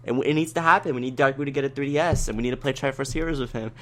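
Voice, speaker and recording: A man co-hosting a casual gaming podcast, excitable and prone to loud, high-pitched rants. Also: very fast. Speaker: podcast co-host.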